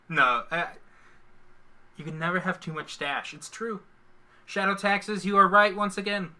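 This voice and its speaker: A man's voice: high-pitched, steady tone, a little slow, bright, forceful tone. A man co-hosting a casual live stream, joking and poking fun at himself. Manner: jokey, self-mocking. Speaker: stream co-host.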